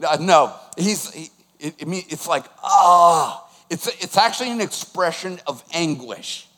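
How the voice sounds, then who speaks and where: Animated pastor in his sixties, high-ish. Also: normal speed, big-room sound. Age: 60s. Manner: animated, asks the congregation questions, emphatic. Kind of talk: sermon.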